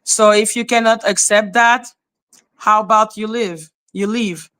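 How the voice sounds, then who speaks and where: Bright-voiced woman scolding her live chat. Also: medium pitch, steady tone, a little slow. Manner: confrontational, scolding viewers in chat. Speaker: livestream host. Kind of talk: live stream talk answering chat.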